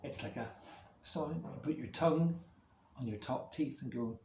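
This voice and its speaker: A man's voice: medium pitch, vocal fry, slight background noise. A male music teacher reading a story to schoolchildren, acting out the sounds with expression, recorded in a room at home. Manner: slow, expressive, making sound effects for kids. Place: room at home near a main road, window open. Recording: roomy echo.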